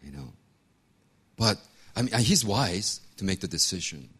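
Animated man telling a sermon story. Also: low voice, a little slow, slightly rough. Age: 50s. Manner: animated storytelling, acts out voices, laughs often. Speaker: pastor.

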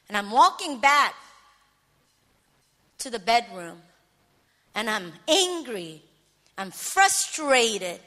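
Woman preacher, middle-aged, high bright voice, emotional testimony with hushed-to-shouting swings, long hall reverb. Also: big pitch swings, slow. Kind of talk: sermon testimony.

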